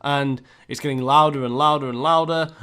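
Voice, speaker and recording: A man's voice: medium pitch, fairly even intonation, moderate pace, bright, forceful tone, clear, resonant tone. A young British man telling a story in a casual, chatty way, speaking to his viewers with asides. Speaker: storytime YouTuber.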